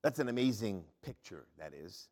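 A male pastor preaching a sermon in an animated way, often asking the congregation questions. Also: fairly low pitch, normal speed, creaky.

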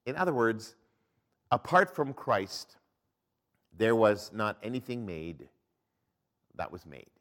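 A male pastor preaching a sermon, reading scripture aloud and swinging between loud emphasis and hushed, low drops. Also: big pitch swings, takes it slowly, long pauses.

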